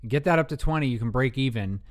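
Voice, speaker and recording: A man's voice: medium pitch, lively intonation, fast. A man co-hosting a board game podcast, chatting casually in a joking, rambling, self-mocking way. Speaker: podcast co-host. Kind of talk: casual chat about board games.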